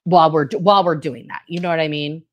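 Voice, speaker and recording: A middle-aged woman with a fairly low voice talks through her thoughts on a casual livestream. She rambles reflectively, leaning on fillers and checking in with her listener. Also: steady tone, quick pace, highs cut off. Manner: reflective, rambling, many fillers like "you know what I mean". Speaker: co-host.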